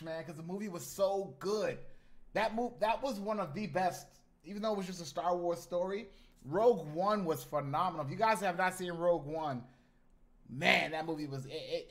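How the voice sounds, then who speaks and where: A male streamer around his thirties, chatting casually and with lots of slang. His voice sits slightly higher than most men's, and he keeps turning to address his viewers directly. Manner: animated, slangy, talks to chat. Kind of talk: casual live-stream chat.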